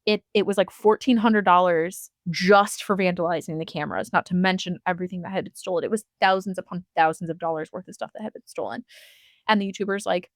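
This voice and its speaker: A woman's voice: on the low side, steady tone, quick pace, no room sound. A woman co-hosting a casual podcast, telling long stories and acting out the people in them. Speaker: podcast co-host.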